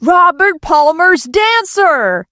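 A woman voicing an awkward, excitable rich young man in a comic storybook reading. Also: on the high side, a little slow, no echo, clean studio sound. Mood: gushing. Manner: eager, exclaiming.

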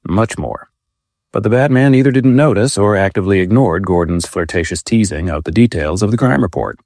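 Deep-voiced man narrating dry comedy. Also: a little fast, a little mellow, no room sound. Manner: dry, wry delivery with mock-formal wording. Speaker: comic narrator. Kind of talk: deadpan comic narration.

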